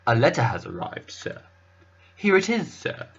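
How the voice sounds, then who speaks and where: A man voicing a deferential male butler who speaks low, hushed and formal. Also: wildly swooping pitch, moderate pace, vocal fry, slightly rough, highs cut off, full character voice.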